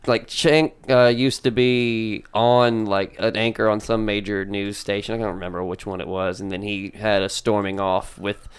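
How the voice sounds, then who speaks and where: A man's voice: on the low side, little pitch movement, moderate pace, hardly any pauses, clean tone. Crude joking male podcast host. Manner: loose, crude, joking, laughs often. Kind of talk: comedic mock news banter.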